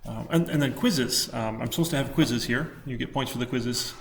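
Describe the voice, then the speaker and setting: A male college instructor talks through a class in a loose, rambling way, full of ums while he works at his laptop. His voice has a gravelly edge, and faint room noise hums under the lecture recording. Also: medium pitch, moderate pace.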